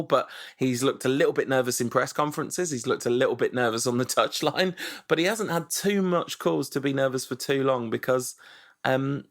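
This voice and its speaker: A man co-hosting a football podcast, talking in an animated, rambling way and often correcting himself. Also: mid-range voice. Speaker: podcast co-host. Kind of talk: casual football chat.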